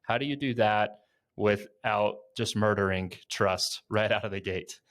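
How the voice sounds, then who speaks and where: A man's voice: on the low side, unhurried, a bit bright. A man hosting an interview, talking in a casual, rambling way with plenty of fillers. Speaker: interview host. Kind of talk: conversational business interview.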